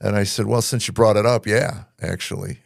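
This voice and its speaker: A man's voice: lowish voice, steady tone, a little fast, vocal fry, no echo, clean studio sound. A man hosting a podcast, telling a personal story in an earnest, casual way with plenty of fillers. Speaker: podcast host. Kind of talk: casual interview chat.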